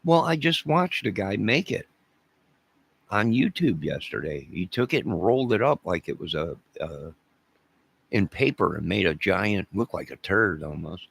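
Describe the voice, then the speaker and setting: A Southern man hosts a loose live stream, chatting with viewers by name in a rambling, joking way. His voice sits very low, with a gravelly rasp and a husky edge. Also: expressive, a little slow, a bit bright. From American South. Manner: rambling, jokey, talks to chat viewers by name. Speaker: live stream host reading chat. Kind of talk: casual live-stream chat.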